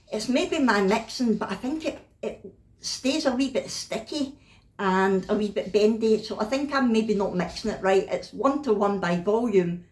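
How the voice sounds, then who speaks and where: A woman's voice: medium pitch, echoey room, low-quality recording. A Scottish woman chatting casually about a craft haul at home, self-mocking and laughing often. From Scotland. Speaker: craft vlogger.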